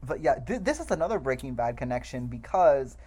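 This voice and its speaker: A podcast co-host with a middle-pitched voice analyzes a movie in relaxed chat. The talk is halting and thoughtful, padded with fillers while ideas form. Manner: thoughtful, hedging with many fillers. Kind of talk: casual film discussion.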